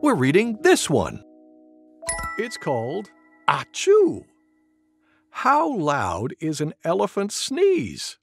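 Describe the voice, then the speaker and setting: A man's voice: on the high side, takes it slowly, gravelly, long pauses, soft background music, full character voice. Mister Goose, a man doing a singsong storytelling goose. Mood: cheerful. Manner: expressive, sing-song, lots of sound effects. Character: friendly male goose storyteller for preschoolers. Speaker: children's storyteller. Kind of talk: reading a picture book aloud to toddlers.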